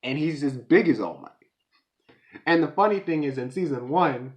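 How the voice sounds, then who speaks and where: A man giving a casual, excited episode review, talking in slang and acting out characters in quick voices. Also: on the high side.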